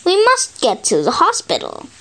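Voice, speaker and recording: A woman's voice: very high voice, huge pitch swings, normal speed, a bit bright, voice pushed up, full character voice. A woman voicing an anxious man who urgently needs a sled dog, in a children's storybook. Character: anxious grown man with a sick son.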